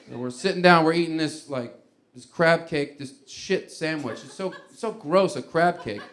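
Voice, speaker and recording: A man's voice: fairly high pitch, moderate pace, a bit bright. A man doing stand-up comedy, telling a rambling, conversational story.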